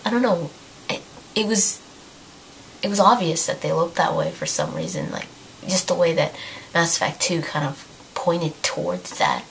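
A woman's voice: low-pitched, lively intonation, measured pace, creaky, a bit bright, poor audio. Woman, gaming vlogger, strained voice from losing it, rambling restarts, slight hiss. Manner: rambling, thinking aloud with many restarts. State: losing her voice. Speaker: YouTube gaming channel host. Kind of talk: casual talk to camera.

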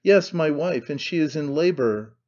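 A man's voice: fairly high pitch, animated, normal speed, darkish tone. A man reading a blunt desperate husband, urgent and curt, slightly raised voice, dull recording.

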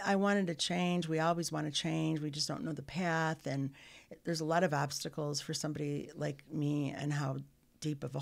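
Gravelly middle-aged woman telling her story. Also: sits low. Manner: earnest, halting, frequent restarts. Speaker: podcast guest. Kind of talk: candid personal storytelling.

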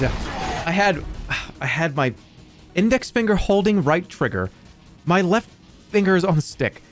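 Animated, excitable man. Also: a little high. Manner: animated, swears, flies into frustrated outbursts. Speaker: streamer. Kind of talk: casual gaming stream chat.

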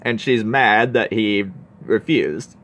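A man's voice: lowish voice, lively intonation, slow pace, fairly bright tone. A man reviewing a comic book, reading its dialogue aloud with casual asides in between. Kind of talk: casual read-through of a comic.

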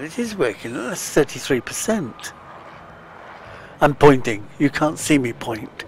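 A man's voice: mid-range voice, slight background noise. Chuckling British man narrating his gameplay. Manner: chatty, chuckling, mutters to himself. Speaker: let's play gamer. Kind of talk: casual gameplay commentary.

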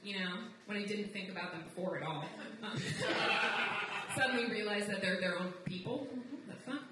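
A young woman from abroad performing live stand-up comedy, wry and conversational, jumping into high mocking voices when she quotes people. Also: moderate pace. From outside the United States. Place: live comedy venue with audience. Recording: roomy live recording from a distance, noisy.

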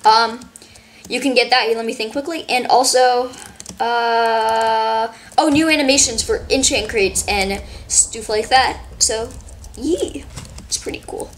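A woman chats her way through a game session, rambling and excitable, her voice sitting fairly high. Her voice sounds a little worn from yelling, and a faint hiss sits under the recording. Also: a little slow. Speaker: gaming channel host. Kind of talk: casual gameplay commentary.

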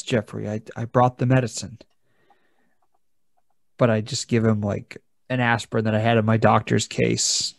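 A man speaks in character for a tabletop game, hesitating and restarting his phrases. His voice is gravelly with fry, and the sound is dry and close. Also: lowish voice, dry recording. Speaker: player. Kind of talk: in-character tabletop role-play.

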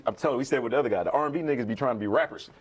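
A man's voice: medium pitch, very fast, crowd noise. A man co-hosting a show, joking in profane casual banter. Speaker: co-host. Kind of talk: casual chat.

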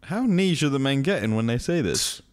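A man's voice: mid-range voice, lively intonation, brisk, smooth. A young man co-hosting a podcast, answering with dry, skeptical wisecracks in casual chat. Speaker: podcast co-host.

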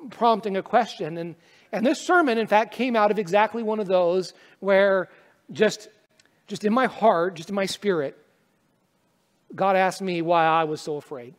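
A male pastor praying and then preaching a sermon in an earnest, conversational way, with self-deprecating humor. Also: high-pitched. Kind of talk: sermon with prayer. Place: church sanctuary. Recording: long reverb of a church hall.

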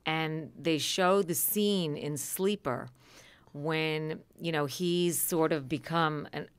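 A woman comedian, a guest on a radio talk show, recounting a scene with lively storytelling. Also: sits low, slow pace, clear, resonant tone. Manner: animated storyteller.

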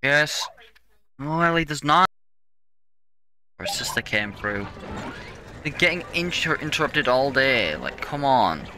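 A man's voice: medium pitch, very animated, slow, long pauses, sharp tone, slight background noise. A young man commentating his own gameplay, ranting and swearing in frustration at the controls. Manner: frustrated, swearing, exasperated rants. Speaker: let's play gamer.

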